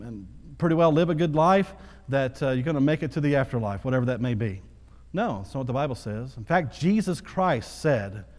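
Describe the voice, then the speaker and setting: A man's voice: mid-range voice, a little mellow. A man in his thirties preaching a sermon, talking conversationally and then building to emphatic repetition. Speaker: pastor. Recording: long hall reverb.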